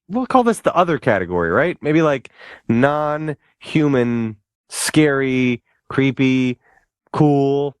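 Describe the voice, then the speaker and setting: A chatty man in his thirties hosts a casual podcast, joking around and restarting his sentences. His pitch moves a lot, and the recording is dry and close. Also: expressive, slow pace, smooth, dry recording. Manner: chatty and playful, with laughs and restarts. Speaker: podcast host.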